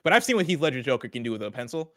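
A man's voice: mid-range voice, sing-song, a bit bright. A man co-hosting a podcast, chatting casually in an upbeat way. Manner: quick, upbeat, laughing. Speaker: podcast co-host. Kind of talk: casual chat.

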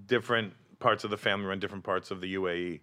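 Man, comedian, casual podcast chat, bright voice, swears a lot. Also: low-pitched, fairly even intonation, very fast. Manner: swearing storyteller, acts out voices.

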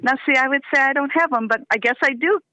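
A woman's voice: high-pitched, fast, pushed and bright, a little hiss or hum. A woman from Wisconsin with a Wisconsin accent, a caller on the phone who sounds giddy and amazed at winning a contest. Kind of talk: phone conversation. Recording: dull phone line.

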